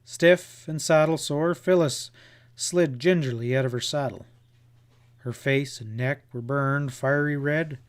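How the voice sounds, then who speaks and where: A man narrating a western novel as an audiobook, reading in a slow, measured way. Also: medium pitch, smooth. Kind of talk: scripted narration.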